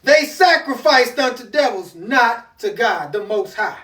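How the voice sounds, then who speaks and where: High-voiced fervent preacher man. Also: animated, a little slow, pushed and bright. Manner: fervent, rhythmic, repeats phrases. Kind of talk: preaching Bible study. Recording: echoey room, distant mic.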